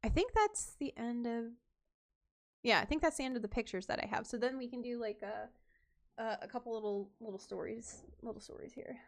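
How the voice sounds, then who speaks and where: A woman's voice: fairly high pitch, lively intonation, normal speed. A woman cosplayer chatting casually on her stream, rambling, with many fillers and restarts.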